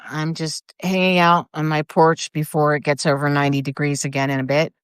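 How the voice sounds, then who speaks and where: Older woman, low voice, smooth and dry, rambly live chat from her porch. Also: level tone, a little fast, no echo. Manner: rambling, greets viewers by name. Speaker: livestreamer. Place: outdoors on her front porch. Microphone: phone or camera for a live video.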